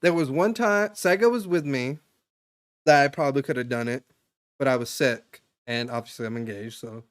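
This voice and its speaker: Smooth and mid-range, at a normal speed, a young man talks on a live stream. It's a loose, long-winded chat giving a stranger casual advice, peppered with fillers and restarts.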